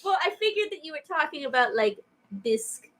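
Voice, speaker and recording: High, animated giggly woman. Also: a little fast. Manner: giggly, rambling, jokey. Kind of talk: casual chat.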